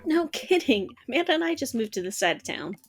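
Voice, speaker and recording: A woman's voice: high-pitched, very animated, fairly quick, voice pushed up. A woman voicing an awkward, self-mocking single father who tells stories with disbelief. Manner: incredulous, exclamatory storytelling.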